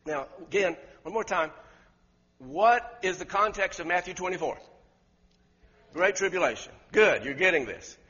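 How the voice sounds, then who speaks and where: Male preacher, husky and high-pitched, emphatic sermon delivery, lo-fi recording with long hall reverb. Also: lively intonation, moderate pace, long pauses. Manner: emphatic, questions the congregation, rises to loud peaks.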